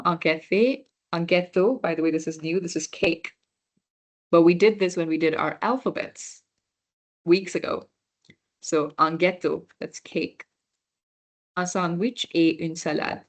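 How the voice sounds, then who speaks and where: A woman running a casual online beginner class, chatting with students, answering their chat messages and correcting herself as she goes. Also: fairly low pitch. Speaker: volunteer French workshop teacher.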